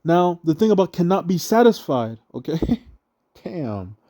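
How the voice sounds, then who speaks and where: A man's voice: on the high side, big pitch swings, unhurried, dark tone. A young man rambling through a casual, profane rant, often tagging "right?" and laughing at his own remarks. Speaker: online religious commentator.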